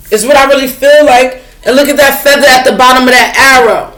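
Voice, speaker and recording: This woman has a high, fairly bright voice and talks briskly, with hardly any pauses. She's a tarot reader speaking casually and spiritually to her audience, frank and chatty, swearing freely and often asking, "you know what I'm saying?"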